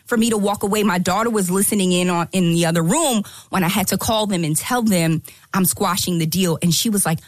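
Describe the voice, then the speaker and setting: A woman tells her story as a podcast guest, animated and emphatic, slipping into the voices of the people she quotes. Her voice sits in the middle for a woman. The sound is dry and close, with no room around it. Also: mid-range voice, a little fast, few pauses, dry recording. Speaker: guest entrepreneur.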